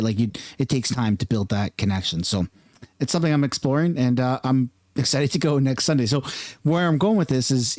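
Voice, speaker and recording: A man's voice: mid-range voice, darkish tone, dry recording. A man in his thirties from Canada, speaking in a chatty, earnest, openly emotional vlog commentary. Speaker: YouTube commentator.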